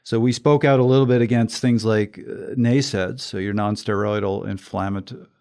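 A man co-hosting a podcast, explaining a point in a measured, cautious way. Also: on the low side, fairly even intonation, a little mellow, smooth. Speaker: podcast co-host. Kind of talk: casual podcast discussion.

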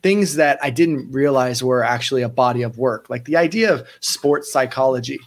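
A man's voice: medium pitch, moderate pace. A man in his thirties, a sports psychology coach, telling stories in a casual interview and acting out the people he quotes. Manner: animated, acts out quoted voices, frequent restarts.

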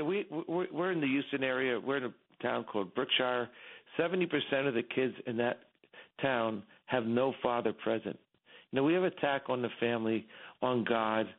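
Fervent man on a tinny phone line. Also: medium pitch. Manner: fervent, repetitive, with restarts. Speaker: phone-in guest. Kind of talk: impassioned political commentary.

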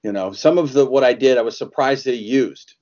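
Guy telling set stories in an interview, laughs a lot, mid pitch, kinda dull lo-fi sound. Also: fairly quick, darkish tone. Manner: chatty storyteller, laughs often, acts out quotes. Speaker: actor guest. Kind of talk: casual interview chat.

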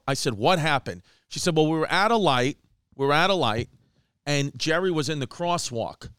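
A man telling a comic story in a fast, animated way, acting out quoted lines with Spanish asides. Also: on the high side, smooth, no room sound, studio quality. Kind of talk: casual storytelling monologue.

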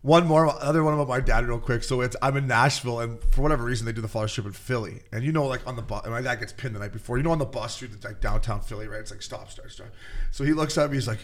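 A man co-hosting a sports podcast, telling stories quickly and swearing often in casual banter. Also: mid-range voice. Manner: rapid, profane, storytelling. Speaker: podcast co-host.

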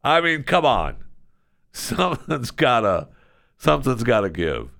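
Gravelly man telling a story animatedly. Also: medium pitch, very animated, unhurried, a bit bright, no echo, studio quality. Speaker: radio show host. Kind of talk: casual chat.

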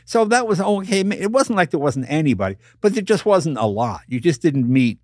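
A man's voice: a little high, normal speed, no echo, clean studio sound. An older man telling stories in an interview, acting out the voices of people in them. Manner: animated storyteller acting out voices. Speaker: guest. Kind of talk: storytelling interview.

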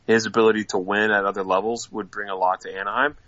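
A man's voice: lowish voice, flat delivery, fast talker, fairly bright tone, no room sound. A man co-hosting a casual fan podcast, giving firm opinions and reading viewer questions aloud. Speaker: co-host of a hockey fan show. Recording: dry, dull lo-fi mic.

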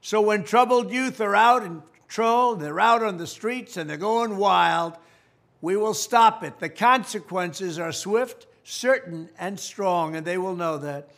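A man's voice: high-pitched, measured pace, a bit bright. An older man giving a campaign video address, making emphatic, declarative promises. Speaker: political candidate.

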